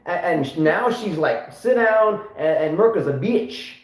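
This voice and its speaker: A man's voice: on the high side, animated, normal speed. A middle-aged man co-hosting a casual chat, rambling with many fillers and restarts. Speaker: co-host of a tennis channel. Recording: echoey room.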